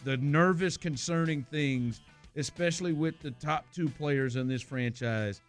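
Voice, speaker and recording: A man's voice: fairly high pitch, measured pace, faint music behind. A man hosting sports talk radio, chatting in an upbeat, conversational way and reading out scores.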